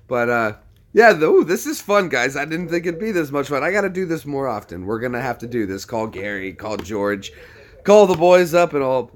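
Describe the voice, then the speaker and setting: A man's voice: mid-range voice, animated, fairly quick. Upbeat man chatting on a livestream. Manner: chatty, upbeat, talks to viewers. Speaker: livestream host. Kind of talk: casual livestream chat.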